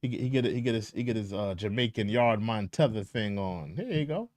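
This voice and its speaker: A man hosting an opinionated commentary show, talking in a mocking, repetitive and animated way. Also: fairly low pitch, fairly quick, no room sound, studio quality. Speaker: commentary channel host.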